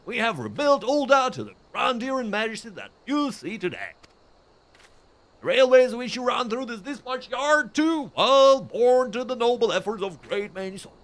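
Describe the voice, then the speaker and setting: A man voicing a humble old male station master in a video game, in a put-on American accent with a raised pitch and a formal, storybook delivery. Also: a bit bright, heavily acted.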